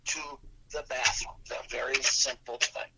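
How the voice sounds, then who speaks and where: A man's voice: mid-range voice, level tone, normal speed, creaky, a loud crowd, low-quality recording. An older man, a podcast guest, telling long rambling stories in casual chat, with restarts and fillers.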